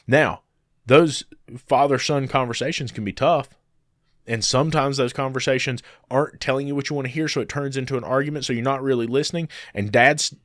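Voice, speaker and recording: A man's voice: medium pitch, no room sound, clean studio sound. A man co-hosting a podcast, animatedly telling stories and acting out the people he quotes. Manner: animated storyteller who acts out quoted people. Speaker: podcast co-host. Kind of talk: casual podcast chat.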